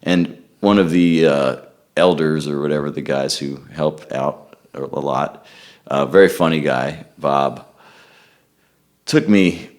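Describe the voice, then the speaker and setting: Man, very deep voice, relaxed, rambling, self-interrupting, casual interview. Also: slow. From United States. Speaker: guest musician.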